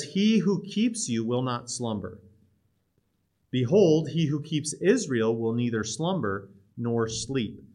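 A man walks through a psalm like a teacher talking to his students, relaxed and conversational. He leans hard on key words for emphasis and trips into quick restarts and asides as he goes. His voice sits at an ordinary pitch for a man. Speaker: Bible teacher. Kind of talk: casual teaching talk on a psalm.

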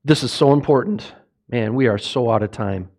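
A middle-aged man preaching a sermon as pastor, impassioned, swinging between loud peaks and quiet asides, often putting questions to the congregation. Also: medium pitch, normal speed. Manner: impassioned, rising and falling, asks the congregation questions.

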